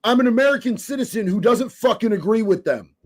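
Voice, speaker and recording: Man, high voice, fiery, profane, emphatic, live-stream commentary. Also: expressive, a little fast, darkish tone. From Oregon. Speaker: livestreamer reading viewer comments.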